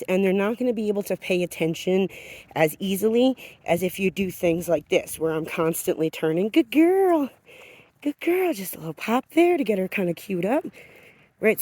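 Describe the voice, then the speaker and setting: Dog trainer woman explaining on a walk. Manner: explains calmly, breaks into high sing-song praise for the dog. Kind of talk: instructional walkthrough while training. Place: outdoors on a street, walking a dog.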